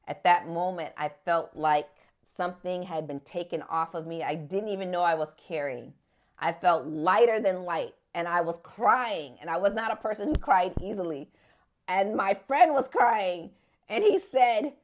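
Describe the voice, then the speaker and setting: A woman's voice: medium pitch, animated, moderate pace. A woman in her fifties telling her faith testimony as a story, acting out the voices in it and growing fervent near the end. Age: 50s. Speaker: speaker giving a testimony.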